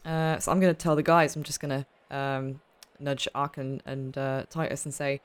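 A woman playing a tabletop role-playing game, excitable and chatty, laughing often. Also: rumbling low, normal speed, hardly any pauses, clear, resonant tone. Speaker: player. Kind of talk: tabletop role-play chat.

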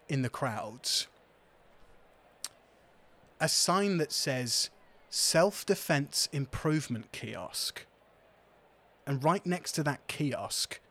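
A man's voice: medium pitch, fairly bright tone. A man narrating a tabletop game as game master, casual and descriptive, swearing at times.

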